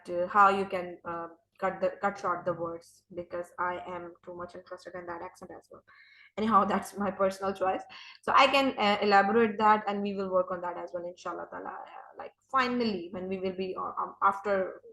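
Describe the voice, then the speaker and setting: A woman's voice: medium pitch, pushed and bright, roomy sound, poor audio. A young woman with a Pakistani English accent teaching an informal English lesson, hesitant with many fillers and restarts but encouraging.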